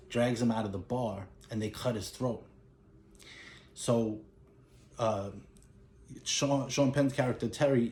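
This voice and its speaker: A man's voice: mid-range voice, warm tone, reverberant. A man casually recapping a movie plot in a rambling way, with lots of "you know" and "he's like". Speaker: movie collector recapping a film.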